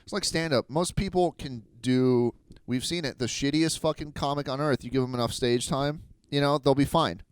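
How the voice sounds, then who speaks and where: A man co-hosting a comedy podcast, chatting casually with deadpan, absurd jokes and plenty of swearing. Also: medium pitch, moderate pace, hardly any pauses, clean tone, no echo. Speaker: podcast co-host.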